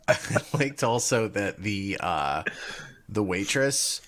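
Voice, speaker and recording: A man co-hosts a podcast in easy conversation, tossing in dry wisecracks. His voice is bright and sits on the lower side, with a lively, swinging pitch. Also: slow pace. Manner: dry joking asides. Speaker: podcast co-host. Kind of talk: casual chat.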